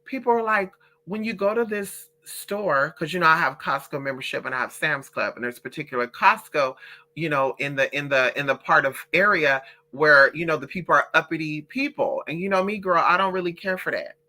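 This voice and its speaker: A woman recounts a story in a casual storytime vlog, animated and heavy on profanity. Her voice is bright and forceful. She keeps slipping into quoted voices of other people as she tells it. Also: sits low, a little fast. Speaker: vlogger.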